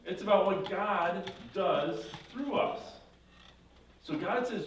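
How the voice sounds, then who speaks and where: A man's voice: high-pitched, expressive, slow pace, recorded from a distance, slight background noise. Man teaching in an echoey room. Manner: conversational, checking in with 'right?'. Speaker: confirmation teacher. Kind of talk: casual classroom lesson.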